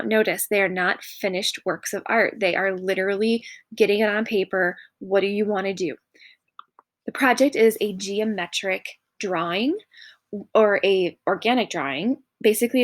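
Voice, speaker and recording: In a recorded classroom lesson, a female art teacher walks through student examples one by one, encouraging and repeatedly saying "notice" as she points things out. Her voice is mid-range with no room sound.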